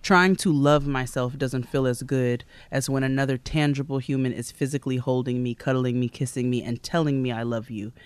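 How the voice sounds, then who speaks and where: A woman's voice: a bass voice, fairly even intonation, brisk, hardly any pauses, smooth, dry recording. A woman co-hosting a podcast, reading an ad and a listener's letter aloud in a casual, upbeat way. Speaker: podcast co-host. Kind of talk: casual podcast chat and ad read.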